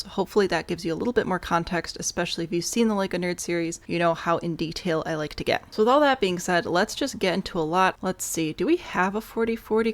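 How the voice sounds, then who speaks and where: A young woman chatting casually and sarcastically as she builds a house in a game, with animated asides. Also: on the low side. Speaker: video creator playing a building game. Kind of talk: casual gameplay commentary.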